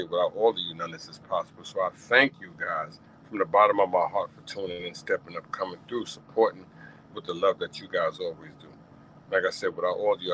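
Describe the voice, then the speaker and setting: A man's voice: deep voice, sharp tone, a little hiss or hum, low-quality recording. A man hosting his own talk show, repeating himself as he thanks his audience with feeling. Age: 50s. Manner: emotional, repeats phrases, heartfelt thanks. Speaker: podcast host. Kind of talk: casual solo talk show.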